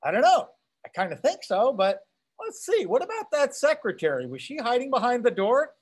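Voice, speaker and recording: A man's voice: very high voice, wildly swooping pitch, normal speed, voice pushed up, heavily acted. A man voicing a reader's curious inner voice, musing aloud and questioning himself about a mystery story.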